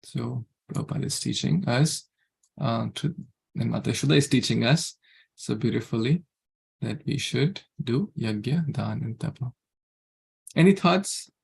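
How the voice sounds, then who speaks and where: A man with a gravelly, mid-range voice leads an online scripture class. He talks earnestly and keeps circling back to the same words. He gives a small chuckle now and then. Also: medium pitch, unhurried. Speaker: class leader.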